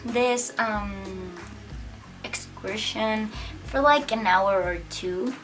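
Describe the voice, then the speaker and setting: A woman's voice: mid-range voice, drawn-out words, a bit bright, distant mic, soft background music. A young woman chatting casually to camera as she tells a personal story, filling her talk with "like" and acting out what people said. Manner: chatty, many "like" fillers, acts out quotes. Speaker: vlogger telling a personal story.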